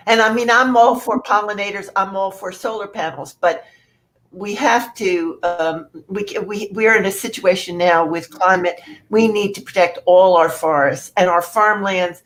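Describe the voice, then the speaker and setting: A woman's voice: mid-range voice, normal speed, a bit bright. A woman speaking as a panelist, earnest and stammering with frequent restarts. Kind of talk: panel discussion.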